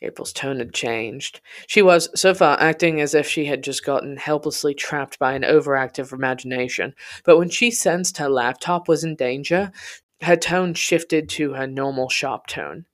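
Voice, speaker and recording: Podcast narrator, first-person storytelling, quiet and intense, confessional, medium pitch. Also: moderate pace.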